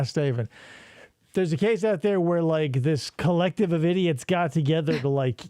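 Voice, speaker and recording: A man's voice: on the high side, warm tone, clear, resonant tone, dry recording, clean studio sound. A man hosting a podcast, talking casually and profanely about interrogation footage, rambling and laughing as he goes. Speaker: podcast host.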